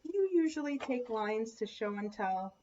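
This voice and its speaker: A woman librarian reading picture books aloud at storytime, expressive and asking the children questions. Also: fairly high pitch, moderate pace, slight background noise. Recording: lo-fi dull sound.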